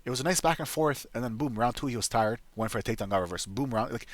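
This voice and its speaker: A man's voice: mid-range voice, expressive, fast, few pauses, fairly bright tone, no echo. A man giving casual, profane MMA betting predictions, rambling and restarting his sentences. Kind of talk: casual solo fight predictions.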